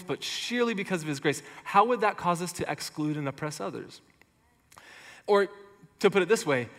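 A man preaches a sermon in a loose, conversational way, full of everyday fillers. His voice sits a little higher than most men's. A long reverb trails each phrase. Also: a bit bright. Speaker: pastor.

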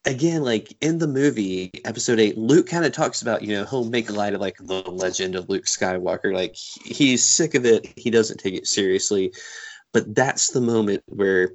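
A man co-hosting a podcast, retelling a favorite film scene with excited, animated storytelling. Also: fairly low pitch, normal speed. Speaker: podcast co-host. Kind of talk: casual fan discussion.

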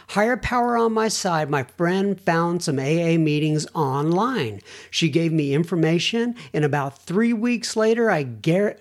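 A man's voice: fairly high pitch, darkish tone. Male podcast host, reads listener mail, conversational with chatty asides. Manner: reads letters aloud with asides and self-corrections. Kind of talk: casual podcast talk.

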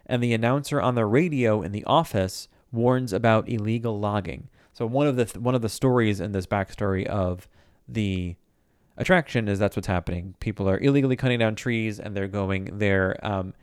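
A man's voice: fairly low pitch, clear, resonant tone, no room sound, studio quality. A man co-hosting a casual chat, joking around and laying out a backstory in a laid-back way. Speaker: podcast co-host.

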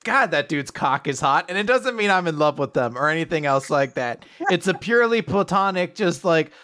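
A man's voice: a little high, animated, normal speed, sharp tone, clean tone. A man casually recapping an anime episode with a co-host, laughing and acting out the characters' lines. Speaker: podcast co-host.

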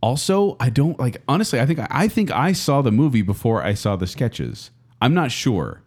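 A man co-hosting a casual podcast chat, lively and acting out quotes as he retells comedy sketches. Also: mid-range voice, normal speed. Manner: animated, acts out quotes while retelling. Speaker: podcast co-host.

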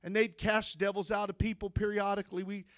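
A male preacher tells his testimony with fervent, building energy. His voice sits high for a man. The sound is dry and close, with no room echo. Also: flat delivery, fairly quick. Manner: fervent storytelling, rising to shouts. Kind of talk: sermon testimony.

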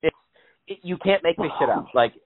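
A man's voice: fairly high pitch, expressive, a little fast. A man chatting casually and comically as co-host, rambling and cursing a lot. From New York. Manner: joking, profane, rambling with many fillers. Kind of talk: casual comedic chat. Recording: thin phone-like sound.

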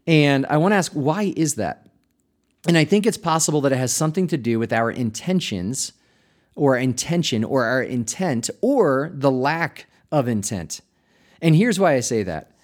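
Pastor guy talking through a podcast episode, mid-pitch voice, casual, little laughs here and there. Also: expressive, moderate pace. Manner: conversational, laughs lightly, restarts words. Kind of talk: reflective podcast monologue.

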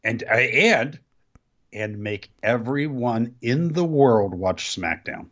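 A middle-aged man co-hosting a relaxed podcast, jumping in with eager asides. His voice rises and falls a lot as he talks. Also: medium pitch, slow, highs cut off. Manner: chimes in with enthusiastic asides. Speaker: podcast co-host. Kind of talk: casual wrestling podcast chat.

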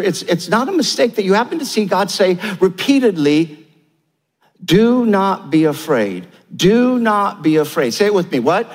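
Older male pastor, husky high voice, sermon in a big echoing church hall, animated then quiet. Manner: animated preaching, repeated lines building up, then a quiet personal story.

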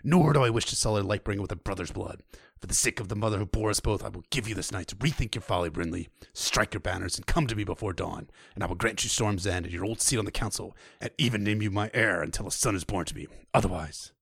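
A podcast host voicing a stern, humorless lord in a dramatic novel reading, clipped and cold. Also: male voice, on the low side, fast, creaky, fairly bright tone, slightly rough, no room sound, clean studio sound, exaggerated voice. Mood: threatening. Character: stern, grim older lord, humorless and unbending.

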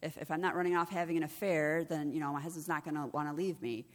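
A woman's voice: sits low, steady tone, fast. A middle-aged woman preaching a sermon, earnest and conversational, often restarting and asking "right?" as she goes. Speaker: executive director and preacher. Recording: long reverb of a hall.

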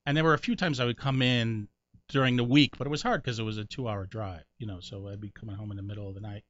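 A middle-aged man with a bright, forceful voice tells stories as a comedian guest, lively and quick to mimic others. The sound is dry and a little muffled, with no room around it. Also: dry recording. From Connecticut, USA. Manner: animated storyteller, jumps high doing other people's voices. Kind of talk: storytelling interview.

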